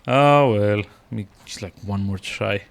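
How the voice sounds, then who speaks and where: A man's voice: on the low side, unhurried, gravelly. A man streaming a video game, rambling with lots of fillers and restarts as he plays. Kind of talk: casual gameplay commentary.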